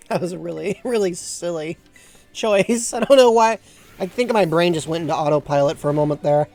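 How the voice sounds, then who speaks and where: A woman's voice: fairly low pitch, expressive, moderate pace, a little mellow, faint music behind. A woman streaming a video game, chatting casually with a self-mocking, laugh-prone manner. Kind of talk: casual live gameplay commentary.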